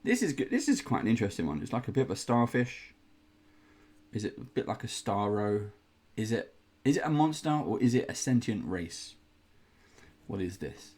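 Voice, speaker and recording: A man's voice: medium pitch, big pitch swings, normal speed, a little mellow. A man hosting a casual unboxing indoors, chatty and rambling, with playful groans of disgust. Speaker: host unboxing miniatures.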